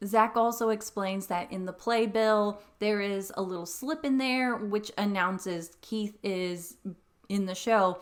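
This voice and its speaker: A woman's voice: medium pitch, unhurried. Chatty, emotional young woman reacting. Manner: chatty, emotional, laughs often. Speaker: musical theatre coach reacting to videos. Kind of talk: casual reaction commentary.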